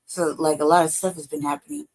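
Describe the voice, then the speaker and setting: A woman host gives casual reaction commentary on a livestream. Her voice sits slightly low, but she jumps high in disbelief, swearing and sighing through it. She sounds loose and unscripted. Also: big pitch swings, fast, creaky, darkish tone, poor audio. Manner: profane, exasperated, laughing, swings high and low.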